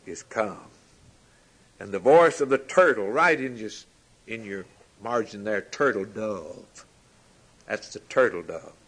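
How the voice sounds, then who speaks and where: Slow, swelling male preacher. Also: medium pitch. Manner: slow, rhythmic preaching with repeated lines, rising and falling from loud to hushed. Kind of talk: sermon.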